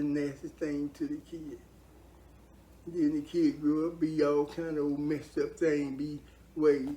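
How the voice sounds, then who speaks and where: Older man, mellow dark voice, earnest, preachy, repeats himself, heartfelt testimony. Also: fairly high pitch.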